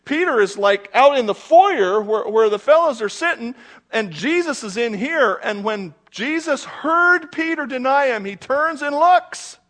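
High-voiced middle-aged male preacher. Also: measured pace. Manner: animated, conversational preaching with rhetorical questions. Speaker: pastor. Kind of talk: sermon.

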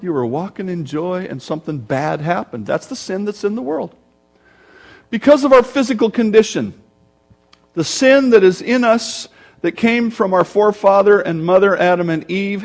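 A man with a high, light voice delivers a sermon from the pulpit. He teaches verse by verse, his pace and volume swinging between urgent and drawn-out. At times he sinks into a low, growling grumble to illustrate a word. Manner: expository preaching with sudden shifts in volume and pace. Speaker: pastor.

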